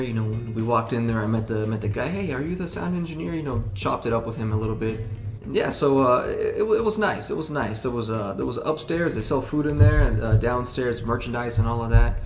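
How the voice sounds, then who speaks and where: A man's voice: medium pitch, fairly quick, few pauses, a little mellow, a little hiss or hum. A man, a rock band member, chatting in an interview, rambling with many restarts and fillers. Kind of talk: casual interview chat. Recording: roomy sound with background music.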